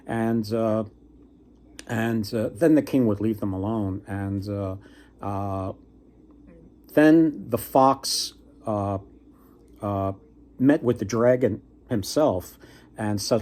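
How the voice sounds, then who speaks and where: A man casually retelling a folktale for his book vlog, halting with many pauses and restarts. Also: on the low side, a little mellow. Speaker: book vlogger. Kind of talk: casual storytelling.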